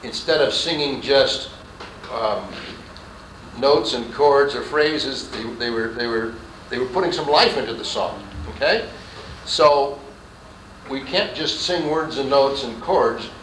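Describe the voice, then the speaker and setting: A man's voice: medium pitch, slow, fairly bright tone. Distant, echoey male vocal coach. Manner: patient, hesitant, demonstrates sounds. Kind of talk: quartet workshop instruction. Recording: echoey room, distant mic, faint hiss.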